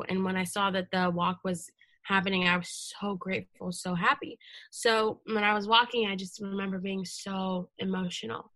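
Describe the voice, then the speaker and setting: A young American woman speaks as a podcast guest, sharing a heartfelt memory in an earnest, emotional way. Her voice sits in a middle pitch and is recorded dry and close, with no room sound. She talks casually, with many fillers and restarts. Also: level tone, normal speed, pushed and bright, no echo. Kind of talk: casual interview conversation.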